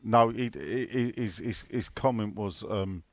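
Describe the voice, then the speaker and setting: A man's voice: lowish voice, a little slow, hardly any pauses, no echo. A man co-hosting a casual football podcast, swearing freely and reading out listener questions. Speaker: podcast co-host.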